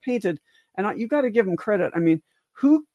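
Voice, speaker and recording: In a brisk, warm, mid-range voice, this older female physician co-hosts a livestream discussion with plenty of expression. Her talk runs long and rambling, full of asides and restarts, and climbs in emphasis on the important points. The high frequencies are cut off.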